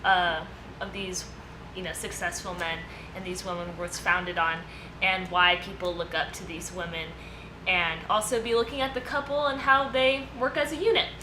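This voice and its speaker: A woman's voice: fairly low pitch, moderate pace. A woman co-hosting a casual podcast discussion, presenting her segment in a loose, chatty way with lots of fillers and easy laughter. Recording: echoey room with steady background noise.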